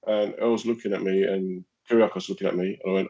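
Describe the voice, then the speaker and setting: A man's voice: mid-range voice, brisk, hardly any pauses, poor audio. A man telling stories in a casual, jokey podcast chat. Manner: animated, jokey, laughs often. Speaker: podcast co-host.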